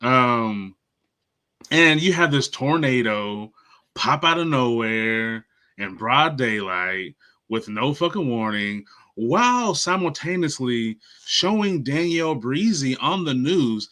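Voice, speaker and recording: Male co-host with a bright, tense voice and a mid-range pitch. Gives profane, emphatic rants. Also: expressive, slow pace. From Nashville, Tennessee. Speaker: podcast co-host. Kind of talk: casual movie and TV review chat.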